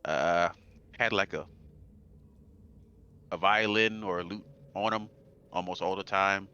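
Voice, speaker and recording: Guy rambling thru a game recap, lots of uhs, bright voice, kinda muffled mic. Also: low-pitched, fairly even intonation, takes it slowly, clear, resonant tone. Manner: rambling, hesitant, many fillers. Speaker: player in a tabletop game. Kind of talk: casual in-character recap.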